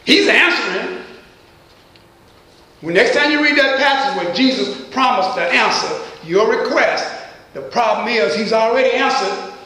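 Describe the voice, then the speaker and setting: A man's voice: very high voice, expressive, unhurried, bright, forceful tone. A man preaching a sermon, throwing questions at the congregation and pressing each point with rising emphasis. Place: church. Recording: echoey church hall.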